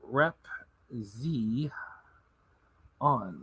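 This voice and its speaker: A man's voice: medium pitch, moderate pace, no room sound. A tired man casually chatting on a live stream, reading chat messages aloud and stumbling over names as he goes. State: tired, yawning. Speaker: reaction channel host reading live chat.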